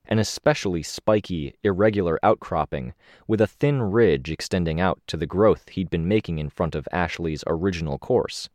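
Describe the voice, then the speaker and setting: A man reading a first-person story aloud as an audiobook narrator, steady and measured, with lifts on the action beats. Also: deep voice, no room sound, studio quality.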